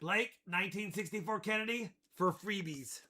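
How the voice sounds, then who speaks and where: Guy running a live coin auction, really high bright voice, jokey, yells out the wins. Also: moderate pace, a little hiss or hum. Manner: jokey, loud countdowns and shouted calls. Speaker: livestream coin auction host. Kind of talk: energetic live auction patter.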